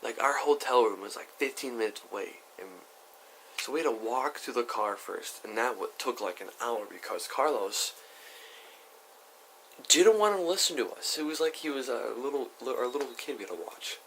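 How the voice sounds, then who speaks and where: A young man tells a story to the camera on his vlog in a chatty, rambling way. His voice sits at a medium pitch and sounds bright. A faint hiss runs under the recording. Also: animated, normal speed. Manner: chatty and rambling, with many asides. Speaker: YouTuber.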